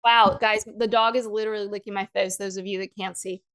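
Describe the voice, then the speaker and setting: Effusive woman host, casual and excitable. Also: mid-range voice, a little fast. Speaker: podcast host. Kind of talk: casual podcast chat.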